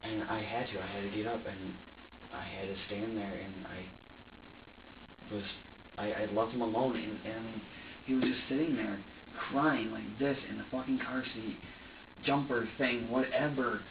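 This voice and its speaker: A distressed man being questioned in an interrogation room, talking in halting, repetitive bursts and swearing often. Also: lowish voice, fairly even intonation, background noise. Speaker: interrogation suspect. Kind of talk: emotional confession under questioning. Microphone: security camera from a distance. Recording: dull roomy distant security-camera audio.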